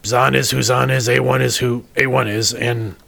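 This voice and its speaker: A man playing a gravelly, halting starship crewman. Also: medium pitch, little pitch movement, fairly bright tone, no echo. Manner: halting, stammers and restarts. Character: wary male starship crewman, private about his mother. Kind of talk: tabletop role-play.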